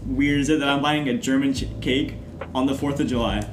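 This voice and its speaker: A man's voice: medium pitch, fairly even intonation, brisk, echoey room, noisy background. Young man telling a rambling story. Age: young adult. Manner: rambling storyteller, quotes people in his stories. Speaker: podcast co-host. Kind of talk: casual chat. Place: apartment living room.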